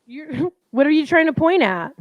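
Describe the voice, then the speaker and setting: A woman co-hosting a casual live-stream chat from home, chatty and teasing and quick to laugh. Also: high-pitched, big pitch swings, no room sound, muffled recording. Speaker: co-host.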